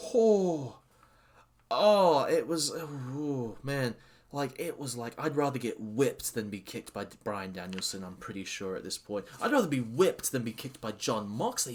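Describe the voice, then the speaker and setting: Excitable man reviewing wrestling. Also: on the low side. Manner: excitable, hesitant with many ums and restarts. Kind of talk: casual solo review.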